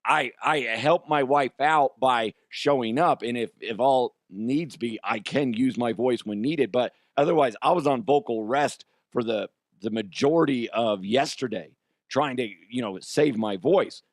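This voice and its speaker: A man hosting a comedy news show with a hoarse, strained voice, talking in a profane, self-mocking monologue. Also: medium pitch, unhurried, no echo, clean studio sound.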